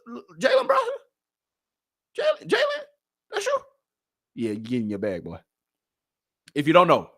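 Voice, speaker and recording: Male solo sports-talk host, mid-pitched, animated and slangy, dry close mic. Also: dry recording. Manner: animated, hyped, talks straight to the audience with slang.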